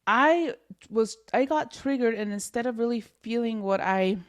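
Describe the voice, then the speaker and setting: A young woman co-hosting a podcast, telling a personal story in a candid, animated way, with many restarts and the odd Spanish word. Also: on the high side, normal speed. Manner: animated, restarts often, mixes in Spanish words. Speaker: podcast co-host.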